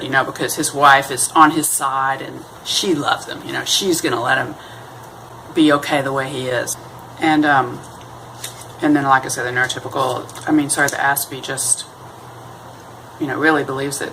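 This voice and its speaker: Brief: middle-aged woman, low voice, rambling self-deprecating monologue, faint background hiss. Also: normal speed, a bit bright, rough recording. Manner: rambling, self-deprecating, acts out quoted voices in a high sing-song. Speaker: vlogger. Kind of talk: casual explanatory monologue.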